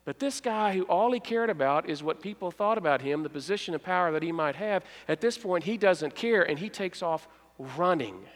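A man pastor preaching a sermon in a church, telling a story with dramatic pauses, hushed moments and acted-out voices. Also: high-pitched, lively intonation, long reverb tail. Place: church sanctuary.

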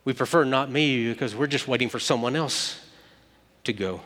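A man preaching a sermon, moving between loud emphatic peaks and hushed quiet passages. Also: mid-range voice, normal speed. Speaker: pastor. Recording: long hall reverb.

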